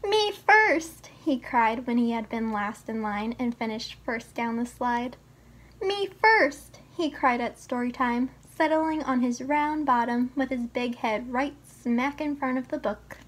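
A woman reading a children's picture book aloud as a teacher, slow and expressive. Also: on the high side. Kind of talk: storybook read-aloud.

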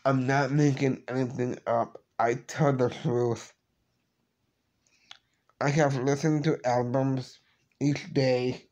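Tearful man, slow and halting, apologizing to camera, mid-pitched. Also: flat delivery, darkish tone, highs cut off. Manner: halting, repeats and restarts words; apologetic, subdued. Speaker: vlogger. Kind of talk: emotional personal vlog.

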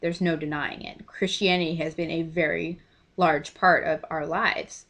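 A young woman in her twenties recounts an experience to her camera in a casual, heartfelt way. Her voice is bright and forward, and she slips into quoted lines with lively emotion. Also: low voice, a little slow. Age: 20s. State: choked up. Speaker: vlogger. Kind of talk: casual storytelling.

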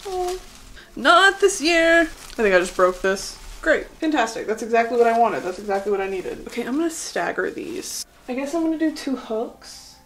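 A woman's voice: a little high, brisk, few pauses, slight background noise. A woman in her twenties chatting casually and sarcastically while decorating her bedroom, sweaty and lightheaded, often laughing at herself. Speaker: YouTuber. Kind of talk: casual vlog chat.

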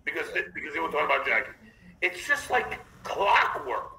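A man's voice: fairly high pitch, very animated, a little fast, gravelly, sharp tone, rough recording. A man hosting a livestream podcast, reading out viewer chats in a combative, mocking way. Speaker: podcast host.

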